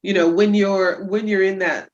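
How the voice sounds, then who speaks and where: A woman chiropractor talking about her patients as a guest on a casual podcast interview, telling stories with lively energy. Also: moderate pace, muffled recording. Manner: lively storyteller who acts out patients in high voices.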